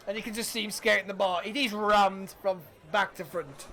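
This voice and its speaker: A man narrating a tabletop game as game master, lively and laughing often. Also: sits high, normal speed, hardly any pauses, some chatter behind.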